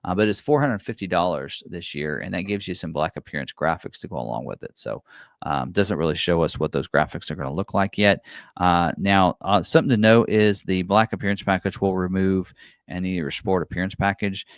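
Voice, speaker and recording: A man from a car dealership casually walks through truck packages and prices, relaxed and full of "um" while repeating "for you" again and again. His low-pitched voice moves a little fast, captured in a dry, clean studio recording.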